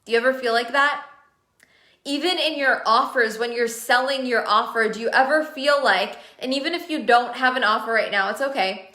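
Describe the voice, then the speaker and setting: Woman coach live on stream, higher-pitched, eager, asks viewers questions, roomy echo. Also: moderate pace, pushed and bright. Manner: enthusiastic, repeats words for emphasis, asks viewers questions. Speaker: business coach running masterminds.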